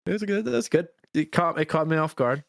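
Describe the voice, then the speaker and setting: A man's voice: on the high side, expressive, moderate pace, creaky, no room sound, studio quality. A man co-hosting a casual movie podcast, swearing freely and acting out quotes in silly voices. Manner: profane, jokey, acts out quotes. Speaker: podcast co-host.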